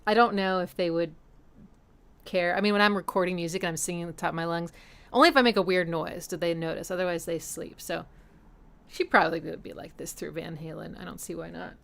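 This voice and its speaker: A woman's voice: lowish voice, steady tone, fairly quick, vocal fry. A woman hosting a casual music analysis stream at home. She talks in an enthusiastic, chatty way and scats rhythms aloud to explain them. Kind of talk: casual educational music commentary. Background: faint song playing.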